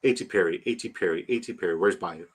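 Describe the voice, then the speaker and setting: A man hosting a casual fantasy football livestream, animated and swearing freely as he reads viewer comments aloud. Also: low voice, fast, husky. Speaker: livestream host reading chat.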